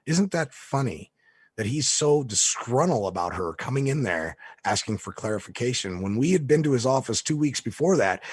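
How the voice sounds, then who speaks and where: A man's voice: mid-range voice, breathy edge, dry recording. A man telling a story in a casual way, acting out the people he quotes as he goes. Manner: lively storyteller who acts out the people he quotes. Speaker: speaker recounting a court story.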